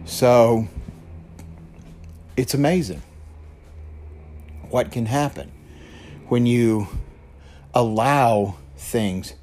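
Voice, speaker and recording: Very slowly and with long pauses, a podcast host from West Texas tells a personal story in a medium-pitched, slightly mellow voice. His manner is earnest and repetitive, and he regularly checks in with "okay?"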